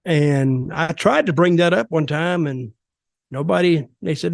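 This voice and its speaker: Fairly high-pitched and gravelly, this older podcast host takes his time as he tells rambling, folksy stories full of colloquial grammar. It's a storytelling interview, captured as clean studio sound with no echo.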